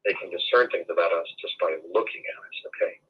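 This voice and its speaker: Brief: man in his 60s, interview guest, husky, rather low voice, digressive storyteller, over a dull lo-fi line. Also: quick pace. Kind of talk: long-form interview storytelling.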